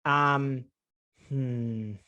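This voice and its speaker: A man in a relaxed podcast conversation, with a voice of ordinary middle pitch. He talks in an eager, chatty way, quickly cheering on each idea. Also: dull audio. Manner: enthusiastic, chatty, quick to agree. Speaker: podcast co-host. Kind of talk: casual chat.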